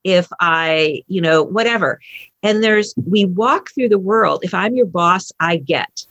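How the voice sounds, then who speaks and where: A woman's voice: on the low side, unhurried, no room sound, highs cut off. A woman guest telling a personal story in conversation, expressively acting out the things people said. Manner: expressive, acts out quotes, laughs. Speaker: guest speaker.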